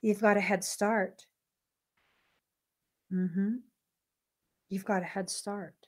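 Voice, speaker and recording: A woman hosting a spiritual podcast, talking earnestly and candidly with thoughtful pauses. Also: mid-range voice, level tone. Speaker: podcast host. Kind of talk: reflective spiritual podcast talk.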